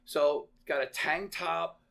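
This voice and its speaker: A man guest on a podcast telling lively stories in casual chat, swearing freely and acting out the people in them. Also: on the high side, slow pace, gravelly. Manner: animated, swears freely, acts out voices. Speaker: podcast guest, real estate veteran. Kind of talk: casual storytelling.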